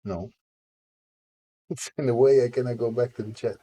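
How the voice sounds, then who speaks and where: A man's voice: mid-range voice, moderate pace, warm tone, breathy edge. A man developing a game live on stream, chatting in a rambling, playful way with his viewers. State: tickle in the throat. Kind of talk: casual live-stream chat.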